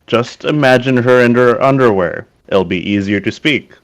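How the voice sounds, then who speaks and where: A man's voice: mid-range voice, normal speed. A man playing a tabletop game in casual chat, joking and hesitant, with small stammers. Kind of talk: casual tabletop role-play.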